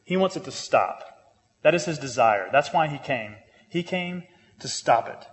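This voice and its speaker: A man preaching a sermon, earnest, repeating phrases for emphasis and turning lively when he jokes. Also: on the high side, moderate pace, big-room sound. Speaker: pastor.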